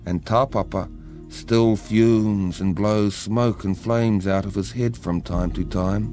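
Slow dramatic male storyteller. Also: fairly low pitch, fairly even intonation, mellow, soft background music. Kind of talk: storybook narration.

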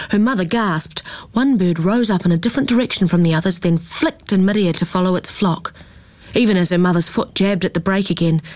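A woman reading a children's story aloud in a calm, expressive way. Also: on the low side, dry recording. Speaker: narrator.

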